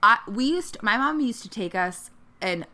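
Casting: young woman, podcast co-host, bright clear tone, chatty storyteller voicing quotes. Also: mid-range voice, lively intonation, normal speed. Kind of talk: casual chat. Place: Northern California.

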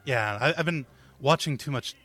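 A man's voice: mid-range voice, normal speed, bright, forceful tone, faint music behind. A man voicing a pompous, haughty English king, with lofty phrasing.

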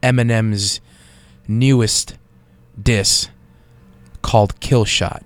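A man's voice: on the low side, fairly even intonation, very slow, clear, resonant tone, no echo. A young man in casual chat, stumbling and repeating himself as he reads lyrics aloud. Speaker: friend talking music. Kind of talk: casual chat over a call.

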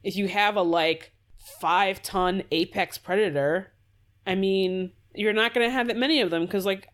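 A woman's voice: mid-range voice, normal speed. A woman co-hosting a podcast in casual discussion, rambling with restarts, sighs and swearing. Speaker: podcast co-host.

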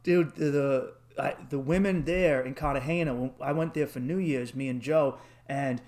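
A young man telling travel stories in casual chat, rambling and swearing, acting out the people he quotes in a high voice. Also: normal speed, darkish tone.

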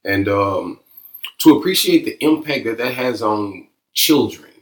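A man's voice: on the low side, lively intonation, unhurried. A man hosting a conversation, speaking thoughtfully and casually as he explains his view. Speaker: host. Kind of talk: reflective conversation. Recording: echoey room.

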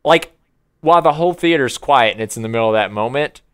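A young man in casual chat, telling a story in an animated way and laughing often. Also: medium pitch, fast, smooth.

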